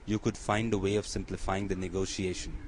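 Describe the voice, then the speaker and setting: A man voicing an earnest young gentleman in an audiobook reading, with faint background noise. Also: sits low, little pitch movement, fairly quick, natural voice, low-quality recording.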